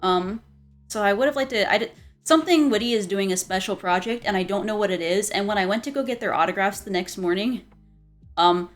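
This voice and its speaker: A woman's voice: medium pitch, brisk, faint music behind. A young woman streamer chatting casually, rambling with many restarts and frequent giggles. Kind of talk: casual chat.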